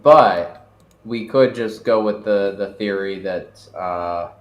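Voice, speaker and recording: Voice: deep voice, takes it slowly, highs cut off. A player musing offhandedly during a casual tabletop game session. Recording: roomy, faint hiss.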